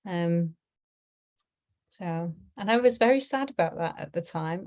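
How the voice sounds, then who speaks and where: A middle-aged woman with a slightly low voice talks a small group through a lesson over a video call. She rambles in an easy, chatty way, full of ums and soft laughs. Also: expressive, unhurried, long pauses. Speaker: tarot teacher. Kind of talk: casual online teaching.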